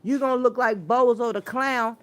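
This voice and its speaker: High-voiced sassy woman livestreamer. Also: moderate pace. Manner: sassy, scolding, drags out words for emphasis. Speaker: livestream host. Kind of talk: casual livestream rant, chatting with viewers.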